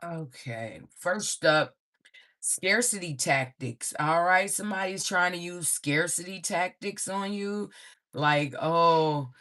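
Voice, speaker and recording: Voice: mid-range voice, slow, bright, forceful tone. A tarot reader doing a casual live-streamed reading, blunt and profane, laughing often and tagging phrases with "okay?".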